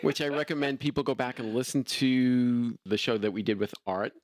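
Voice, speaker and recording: A man's voice: mid-range voice, moderate pace, no echo, clean studio sound. An older man co-hosting a podcast, chatting in an easygoing, joking way. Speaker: podcast co-host. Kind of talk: casual chat.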